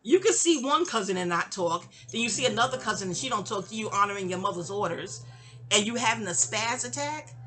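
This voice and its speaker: A woman's voice: a little high, sharp tone. A woman, telling a personal story in a casual, rambling audio-diary style, stammering and restarting and acting out quoted lines.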